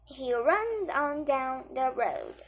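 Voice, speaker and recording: A woman reading a children's picture book aloud, slowly and haltingly. She stumbles and corrects herself often. Her voice is high and moves up and down a lot. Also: expressive. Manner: halting, with frequent slips and self-corrections.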